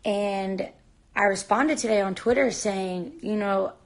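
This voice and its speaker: Gravelly woman rambling on a live stream. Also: medium pitch, measured pace. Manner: rambling, full of "like" fillers; talks while packing a bag. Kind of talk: casual live-stream chat. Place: hotel room. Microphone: phone.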